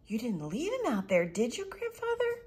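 An eager, questioning young boy, as a woman reads him aloud, with a raised, bright little voice and a husky edge. He sounds earnest and keen in this storybook reading. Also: a little high, huge pitch swings, normal speed, pitched above the performer's own voice, full character voice. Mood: protesting. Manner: questioning, eager, sometimes whispered.

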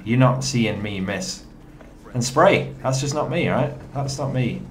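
A chatty young man talks his viewers through his gameplay, his pitch leaping up with excitement and dropping low when he is unsure. His speech is lively and conversational. A faint hiss sits under the desk mic. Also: unhurried. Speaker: gaming commentator. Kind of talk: gameplay commentary.

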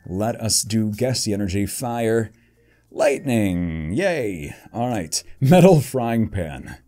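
Animated man calling out card pulls. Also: on the low side, slow. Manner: animated, swings from muttered card names to excited outbursts; jokey asides about the cards. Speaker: YouTuber opening trading card packs. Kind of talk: casual card-opening commentary.

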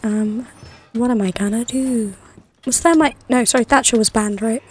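A woman's voice: fairly high pitch, normal speed, a little mellow, breathy edge, soft background music. A woman hosting a live gaming stream, chatty and teasing with friends. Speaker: streamer host.

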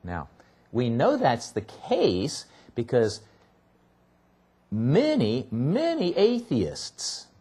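A man's voice: medium pitch, huge pitch swings, drawn-out words, mellow, breathy edge. A man preaching as a pastor, teaching through a Bible passage and hammering key words by repeating them. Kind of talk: expository sermon.

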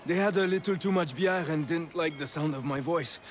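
Game role: an actor as a chatty, grateful Quebecois man, Quebec French accent, slightly high voice. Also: a little fast, close to an everyday voice.

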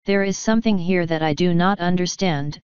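A polite, perplexed detective speaks softly and deliberately, played by a woman reading aloud. Her voice is low-pitched and very clear. The sound is dry with no room echo. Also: natural voice. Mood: puzzled. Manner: soft, thoughtful, measured. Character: perplexed, polite male detective, middle-aged. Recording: dull dry recording.

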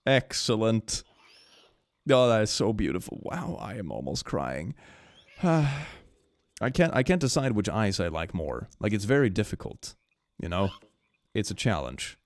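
A man streaming a game, commenting casually and excitably, swinging between gushing and mumbling with frequent laughs. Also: lowish voice, a little slow, pauses often, no echo.

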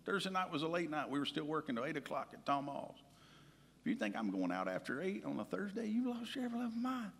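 A man preaching a sermon as pastor, telling personal stories and swinging from loud to hushed. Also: a little high, sing-song, quick pace, creaky, long reverb tail. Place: large church hall.

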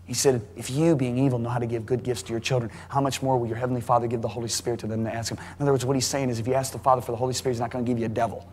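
A man preaching a sermon to a congregation, emphatic and rising to near shouting at high points. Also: level tone, very fast, hardly any pauses, a little hiss or hum. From United States. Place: large church hall. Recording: live sermon in a reverberant hall.

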